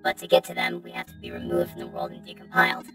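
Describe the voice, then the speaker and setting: A man voicing a calm, earnest android through an android voice-changer filter, with a gravelly, synthetic sound. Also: high voice, fast, voice pushed up. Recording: distant, with game music behind.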